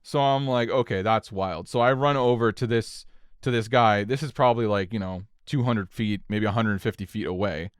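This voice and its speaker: A young man tells a wild story on a podcast, casual and loose with his language. His voice is smooth and clear, and it sits in a dry, close-miked room. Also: fairly low pitch, normal speed, dry recording. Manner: animated, profane storytelling with swings in energy. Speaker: podcast co-host.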